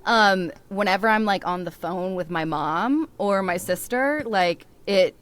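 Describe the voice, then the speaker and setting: Young woman from the South, neutral American accent, chatty podcast guest, quick laughs, average pitch. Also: animated, fairly bright tone, clear, resonant tone. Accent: General American. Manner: chatty, laughs often, fillers. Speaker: audiobook narrator guest. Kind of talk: casual chat.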